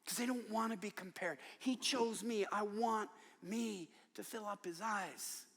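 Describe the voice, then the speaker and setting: An older man preaches in a large church, and his voice sits fairly high for a man. He tells stories with animation and acts out the people he quotes. A long reverb trails after his voice in the big hall. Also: unhurried, a bit bright. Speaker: guest preacher. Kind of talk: sermon. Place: large church worship center.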